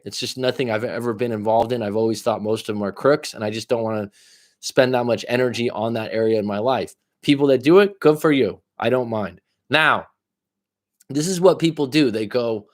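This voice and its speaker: A man's voice: mid-range voice, normal speed. A man giving live coaching advice in a blunt, profane way, pushing the listener with repeated questions. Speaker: life coach.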